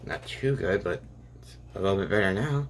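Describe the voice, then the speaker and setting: A man voicing a blunt, affectionate grown woman in a spoken fan story, in halting lines close to his own voice. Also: deep voice, animated, background noise.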